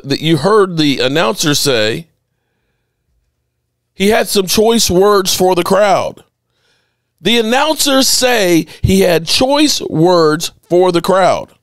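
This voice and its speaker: Sports podcast host, male, indignant and animated, unhurried delivery, dry close sound. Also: high voice, no echo. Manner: animated, indignant, repeats himself. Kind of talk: ranting sports commentary over game clips.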